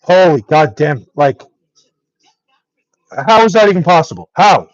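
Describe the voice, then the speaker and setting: A man's voice: a little high, big pitch swings, unhurried, no room sound, highs cut off. A young man angrily ranting on a live stream, swearing nonstop and exasperated. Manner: angry, profane ranting.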